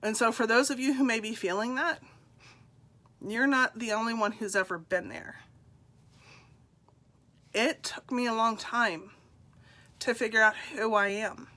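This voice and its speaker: A middle-aged woman with a drawl talks unhurriedly and warmly to her live-stream viewers, her bright, clear tone a little stuffed up from congestion. She confides in them and greets each by name. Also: a little high, measured pace, pauses often. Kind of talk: personal live-stream talk.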